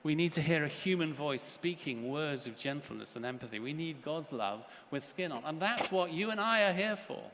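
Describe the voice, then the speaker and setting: In a reverberant conference hall with faint ambience and background noise, an older man gives a plenary lecture. His slightly high voice is animated, at normal speed with few pauses, and he earnestly tells stories, doing child voices.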